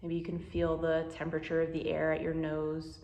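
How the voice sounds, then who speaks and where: A woman guiding a meditation, speaking slowly and gently with soothing instructions. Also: deep voice, completely flat delivery, roomy sound, muffled recording. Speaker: meditation guide. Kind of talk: guided meditation.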